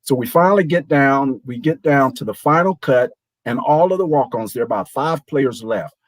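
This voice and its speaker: A man in his sixties, a show guest, telling a lively anecdote and acting out the voices of people in it. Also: mid-range voice, moderate pace, no echo, poor audio. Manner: animated, acts out quoted voices. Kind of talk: storytelling anecdote.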